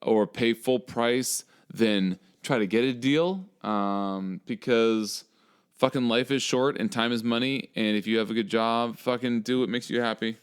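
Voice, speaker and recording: A man's voice: mid-range voice, measured pace, clean tone. A young man co-hosting a podcast in casual chat, profane and sarcastic, rambling with lots of fillers. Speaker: podcast co-host.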